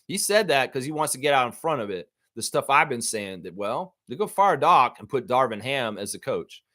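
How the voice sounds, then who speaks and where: A man hosting a live sports fan stream who rants about basketball in an animated, profane way. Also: mid-range voice, normal speed, dry recording, studio quality.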